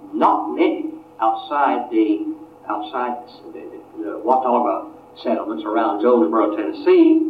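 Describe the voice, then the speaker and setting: A man giving a history lecture, unhurried and often restarting his phrases. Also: mid-range voice. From Appalachia. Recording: tinny, distant, roomy lecture recording.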